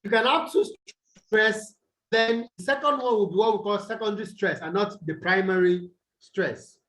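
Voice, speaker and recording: A Nigerian man teaching English on a video call has a high, slightly bright voice and speaks at a moderate pace in a rough recording. In this online tutorial lecture he restates points and quizzes his students with "what?"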